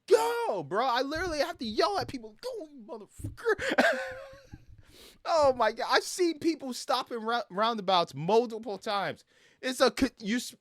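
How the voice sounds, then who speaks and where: A man in his thirties from Brooklyn, telling stories in a casual, animated rant with lots of laughter and swearing over gameplay. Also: extremely high pitch, no echo, studio quality. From Brooklyn, New York. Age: 30s. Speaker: gaming streamer.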